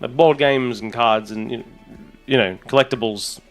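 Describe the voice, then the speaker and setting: Brief: male streamer, mid-pitched, excitable and rambling, casual chat. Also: moderate pace, soft background music. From Australia. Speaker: streamer and content creator.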